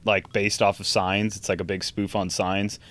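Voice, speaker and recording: A man's voice: lowish voice, little pitch movement, normal speed, fairly bright tone. A man chatting casually on a podcast, hesitant and filling his talk with likes and ums. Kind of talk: casual chat.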